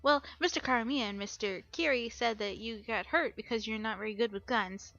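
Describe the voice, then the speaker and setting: A woman's voice: a little high, brisk, gravelly, sharp tone, no room sound, lo-fi sound. A woman voicing a cheerful, earnest young heroine who speaks in an upbeat, encouraging way.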